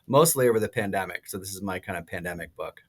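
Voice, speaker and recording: A priest in his sixties, a podcast guest, telling stories in a lively way with many fillers and restarts. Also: low voice, fast talker, a little hiss or hum. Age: 60s. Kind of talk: casual podcast interview.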